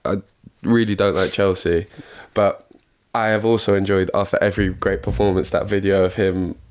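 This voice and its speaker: A young Englishman with a very low voice co-hosts a casual football podcast. He sounds stuffed up and rambles along, mocking himself and apologising. His talk is loose and unscripted. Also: little pitch movement, normal speed. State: congested. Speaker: podcast co-host.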